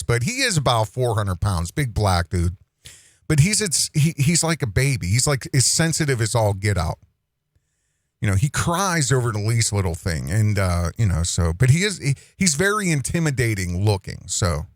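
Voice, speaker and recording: A man's voice: mid-range voice, no echo, clean studio sound. A man hosting an online commentary show, talking casually in a mocking, rambling way and often repeating his phrases.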